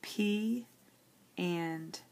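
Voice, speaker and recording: A woman's voice: lowish voice, extremely slow, darkish tone. A woman teacher working through a logic example on paper, explaining each step and checking in with "okay" as she goes.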